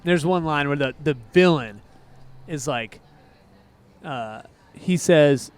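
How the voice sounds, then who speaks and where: Excitable, lively-voiced male podcast host. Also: fairly high pitch, clean tone. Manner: excitable, rambling, quick asides. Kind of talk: casual chat.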